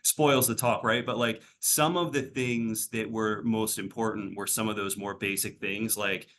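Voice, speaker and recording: Man, clinician, casual interview answer, rambling with fillers, lower pitch, faint background rumble. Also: fairly even intonation, a little slow, fairly bright tone. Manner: rambling, many fillers and restarts. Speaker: behavioral health clinician.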